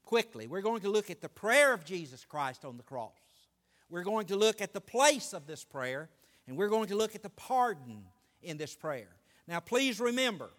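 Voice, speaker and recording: A man preaching a sermon, building excitement and stretching out key phrases. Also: high voice, normal speed. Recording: long hall reverb.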